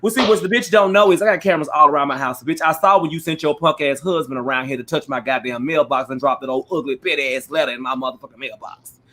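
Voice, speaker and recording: A man telling a petty neighbor story in casual chat, animated and swearing freely, acting out what people said. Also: fairly high pitch, quick pace, a little hiss or hum. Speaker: podcast co-host.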